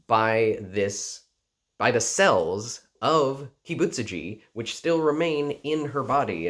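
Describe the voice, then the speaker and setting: Animated man recapping an episode. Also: lowish voice. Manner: animated, frequent "like" and "you know" fillers. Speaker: anime reviewer.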